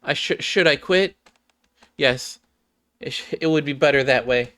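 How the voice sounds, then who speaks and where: A man's voice: medium pitch, a little slow, bright, forceful tone. A man voicing a timid, tearful young female android fighter who stammers and pities herself. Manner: stammering, self-pitying.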